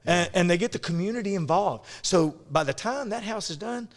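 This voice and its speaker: A man's voice: sits high, expressive, brisk, in a large hall. A man hosting a podcast, telling stories in a rambling, casual way with frequent restarts and laughs. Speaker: podcast host. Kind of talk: casual conversation.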